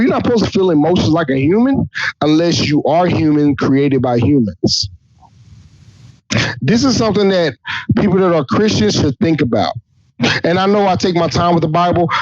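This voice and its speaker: A man's voice: fairly high pitch, darkish tone, no room sound. A man hosting a casual podcast, reading scripture aloud and mocking it in an irreverent, profane, joking way. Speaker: podcast host. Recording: dull lo-fi dry recording.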